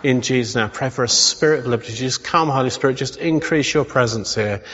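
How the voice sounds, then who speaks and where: Earnest pastor in a reverberant hall. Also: male voice, medium pitch, fast talker, background noise. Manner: earnest, encouraging, leads declarations. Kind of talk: sermon with congregational prayer. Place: church hall. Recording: dull sound with long hall reverb.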